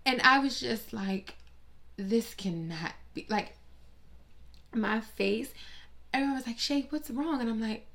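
A woman's voice: fairly high pitch, a little slow, gravelly, pauses often, a bit bright. A woman vlogger delivering a dramatic, profane, mock-grieving comedic rant with plenty of sass.

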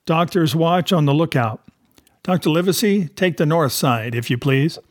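A man's voice: fairly high pitch, expressive, normal speed, no room sound, lightly acted. A man reading aloud puts on a stern sea captain who barks short, clipped orders in a voice lifted above his own. The sound is dry and close, with no room around it. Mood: commanding. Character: stern male ship's captain, curt and commanding.

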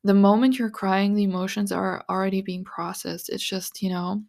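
Earnest woman with a creaky voice. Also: medium pitch, flat delivery, moderate pace, a little mellow. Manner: earnest, confiding, full of "like" and "you know". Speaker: podcast host. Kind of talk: casual spiritual monologue.

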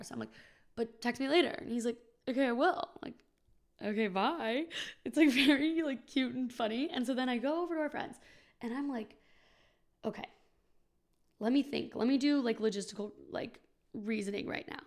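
Young woman podcast host, gravelly fry, casual chatty storyteller. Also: a little high, normal speed. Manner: chatty, frequent "like", animated quoting.

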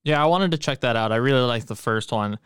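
A man co-hosting a movie-review podcast in relaxed, joking chat, laughing easily. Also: medium pitch, fast, clear, resonant tone, no room sound, clean studio sound. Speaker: podcast co-host.

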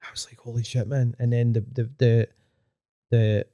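Rambling Glaswegian man, mellow dry voice. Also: mid-range voice, little pitch movement, normal speed, no echo. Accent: Glaswegian Scottish. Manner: rambling storyteller with frequent restarts and swearing. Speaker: DJ guest telling stories. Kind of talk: casual podcast chat.

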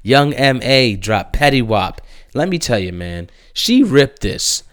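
A young man giving casual, blunt music reviews, swearing and breaking into animated, emphatic outbursts. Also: medium pitch, slow pace, dry recording, studio quality.

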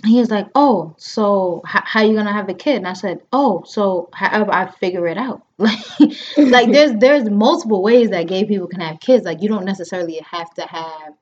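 A woman's voice: mid-range voice, moderate pace, a little hiss or hum. A woman in her thirties telling a story in casual chat, acting out the lines of the people in it and using many fillers. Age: 30s. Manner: animated, acts out quotes, frequent fillers. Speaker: podcast host. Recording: dull lo-fi sound.

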